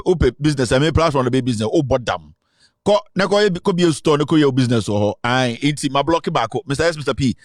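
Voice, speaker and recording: A man's voice: medium pitch, no echo, studio quality. A Ghanaian man hosting a live political talk stream, boastful and rambling, switching between Twi and English. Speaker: online show host.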